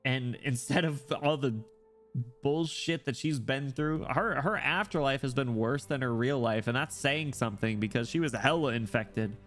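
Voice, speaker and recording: A man's voice: medium pitch, fairly bright tone, faint music behind. Joking, foul-mouthed male streamer. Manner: crude, joking, quick reactions with laughter. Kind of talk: casual gaming stream commentary.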